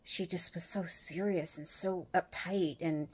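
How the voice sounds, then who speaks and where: A woman hosting her own show, telling a personal story in a casual, animated way and laughing as she goes. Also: on the low side, a little slow, slightly rough. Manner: animated, acts out the other people's lines as she retells them; laughs often while telling. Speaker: host.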